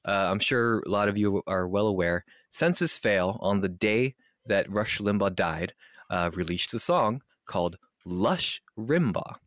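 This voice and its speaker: Low-voiced guy rambling on his podcast, lots of um and like, dry close sound. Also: expressive, measured pace, fairly bright tone, no room sound. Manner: rambling, filler-heavy, mock-formal when reading aloud. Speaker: podcast co-host. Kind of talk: casual podcast chat.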